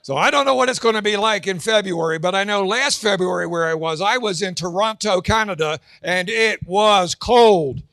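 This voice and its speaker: An older man with grandchildren doing a stand-up comedy set at a church fundraising gala, joking with quick asides and putting on high voices for his characters. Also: gravelly, sharp tone, no room sound.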